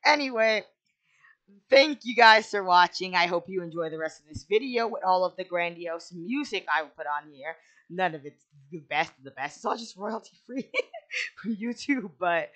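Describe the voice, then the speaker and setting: A woman's voice: lowish voice, expressive, normal speed, bright, forceful tone. A young woman hosting a gaming video, rambling casually with lots of fillers and self-deprecating asides. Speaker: gaming channel host. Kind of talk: casual speed-build commentary.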